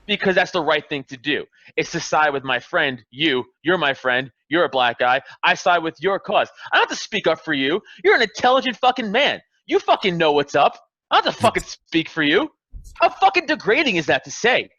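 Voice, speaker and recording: A man's voice: on the high side, very animated, fairly quick, sharp tone, no echo, highs cut off. Profane, fired-up man on a podcast. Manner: profane, impassioned, ranting with rising emphasis. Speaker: podcast guest, comedian. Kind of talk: heated casual podcast rant.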